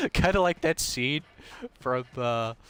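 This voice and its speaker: A male game streamer chatting with his viewers mid-match. He talks casually and rambles, leaning on fillers and quick restarts, at a middle pitch for a man. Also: steady tone, a bit bright. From half British. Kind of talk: casual live-stream commentary.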